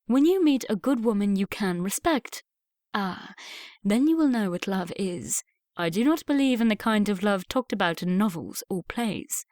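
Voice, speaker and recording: A woman's voice: medium pitch, animated, normal speed, a little mellow, dry recording, clean studio sound, lightly acted. A woman voicing a frank young lady. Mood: earnest. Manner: firm, plain-spoken. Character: young English lady, frank and spirited dressmaker.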